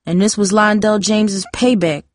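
A woman's voice: medium pitch, steady tone, normal speed, no echo, clean studio sound, natural voice. A woman voicing a grieving teenage girl who speaks bitterly and pleads for answers.

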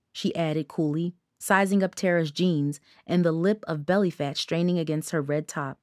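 A woman's voice: sits low, no room sound. Woman narrating a story, dry sound. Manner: even, measured storytelling. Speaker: audiobook narrator. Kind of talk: scripted narration.

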